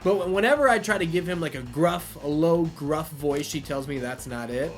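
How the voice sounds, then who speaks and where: A man hosting a wrestling video game playthrough, chatting casually, laughing and swearing, then shouting play-by-play at the big moves. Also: on the high side, animated, moderate pace, faint music behind. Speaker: let's play host.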